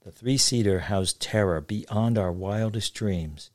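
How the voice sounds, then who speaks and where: A man's voice: on the low side, slow pace, darkish tone, no room sound. Dry-voiced man telling a childhood story. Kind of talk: told memoir story.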